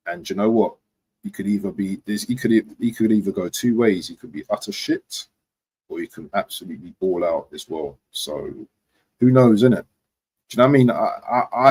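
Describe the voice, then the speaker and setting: A man's voice: fairly low pitch, a little mellow, slightly rough, low-quality recording. A young man chatting casually about football transfers on a live stream, rambling and slangy. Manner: rambling slangy, frequent "do you know what". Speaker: football vlogger.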